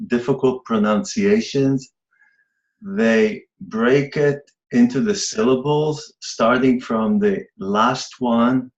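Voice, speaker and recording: A man joining an online class as a student, making a polite suggestion in a hesitant, halting way. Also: mid-range voice, echoey room, dull audio.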